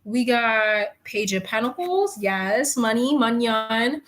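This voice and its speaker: A woman doing a casual live tarot reading, chatting, animated and swearing casually. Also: a little high, takes it slowly. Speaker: live-stream tarot reader. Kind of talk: casual live-stream chat.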